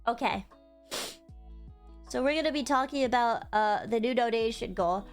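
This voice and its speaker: Young woman, streamer, casual rambling chat, emotional, higher voice, faint music behind. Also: normal speed. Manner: chatty, rambling, emotional, swears freely. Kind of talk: casual livestream storytelling.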